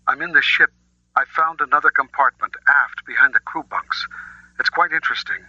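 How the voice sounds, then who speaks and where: A man's voice: mid-range voice, normal speed, no room sound. A man doing a cool, evasive woman scientist. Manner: calm, matter-of-fact, defensive when pressed. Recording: dull lo-fi audiobook recording.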